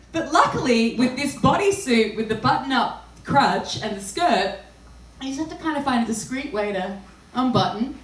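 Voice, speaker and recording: A woman telling crude, self-deprecating stories in a live comedy set, often laughing through her lines. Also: sits high. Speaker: stand-up comedian. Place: small live performance venue. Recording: roomy live room, far from mic, audience noise. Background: audience laughing and reacting.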